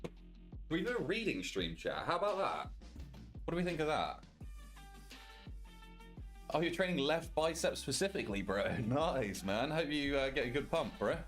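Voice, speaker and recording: A man's voice: a little high, sing-song, normal speed, long pauses, fairly bright tone, faint music behind. A young British man, a streamer reading and answering his chat in loose, casual talk and swearing freely. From Britain. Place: walk-in wardrobe at home.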